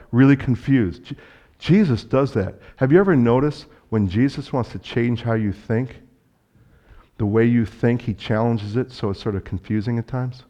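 A man preaching a sermon as a pastor, telling stories in a conversational way and acting out dialogue with sudden loud bursts. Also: mid-range voice. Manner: conversational, speaks directly to the congregation.

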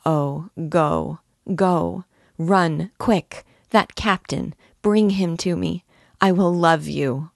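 A desperate young woman begs in a rush of urgent, breathless pleas, as a woman reading the book puts her on. Her voice rises higher and louder than the reader's own. It sounds like an audiobook reading. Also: drawn-out words, gravelly, dry recording, studio quality, heavily acted.

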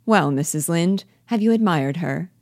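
A woman reading the part of a fussy, patronizing husband in a low, dry voice, lecturing and pleased with himself. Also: expressive, normal speed, a little mellow, no room sound. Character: self-satisfied husband, a man, fussy and patronizing. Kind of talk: reading a play aloud.

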